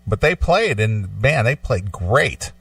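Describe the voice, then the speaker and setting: A man co-hosting a radio talk show, bantering slowly with lots of laughs. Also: fairly low pitch, sing-song, creaky, fairly bright tone, dry recording, distant mic. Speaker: co-host.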